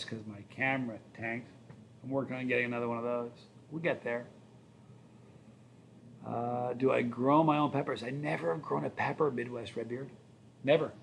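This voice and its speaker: Fifty-something male streamer, casual rambling chat, mid pitch, faint room hum behind. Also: vocal fry. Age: 50s. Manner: rambling, chatty storyteller. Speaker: livestream host. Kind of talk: casual live-stream chat reading viewer questions.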